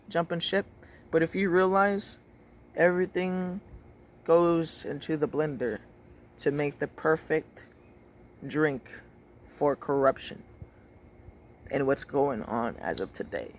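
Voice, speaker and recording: Guy ranting hard, swears constantly, keeps repeating himself, pretty high voice. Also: a little hiss or hum. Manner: emphatic, swears a lot, repeats phrases. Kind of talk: casual profane rant.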